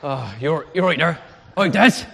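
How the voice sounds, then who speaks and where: A man doing a silly, cheerful pyramid skier who talks in a high, chummy voice and a mock-gruff put-on accent. He rambles happily on a live stage. The hall gives every line a long, echoing tail. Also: animated, normal speed, sharp tone, some chatter behind, slight background noise, full character voice. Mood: jokey. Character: goofy male pyramid skier, cheerful and daft. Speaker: comic performer. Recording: echoey hall.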